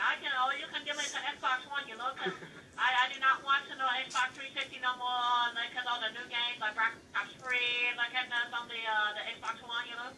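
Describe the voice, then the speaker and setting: A woman's voice: fairly high pitch, level tone, fairly quick. A woman trolling someone in online game chat, rambling and mock-serious with lots of fillers. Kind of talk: casual trolling banter. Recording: distant noisy voice chat.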